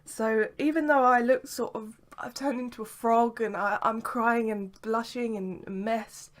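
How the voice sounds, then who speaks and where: A woman's voice: on the high side, steady tone, unhurried. A young woman telling a long story to camera in a casual vlog, rambling with lots of "sort of" and "like". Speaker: vlogger. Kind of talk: casual chat.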